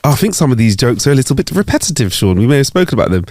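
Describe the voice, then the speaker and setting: A man with a mid-range voice and a very lively, animated delivery, co-hosting a chatty comedy podcast. He steers the conversation easily and throws questions out to the audience. The sound is dry and close-miked. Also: mid-range voice, racing, dry recording. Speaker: podcast co-host. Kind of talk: casual comedy podcast chat.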